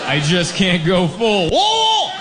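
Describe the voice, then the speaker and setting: A male stand-up comedian telling a story with lively shouted impressions, recorded at a live show. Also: medium pitch, normal speed, heavy background noise. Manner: animated storytelling with shouted imitations. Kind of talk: stand-up routine. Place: comedy venue before a crowd. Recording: live show with crowd laughter. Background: audience laughing.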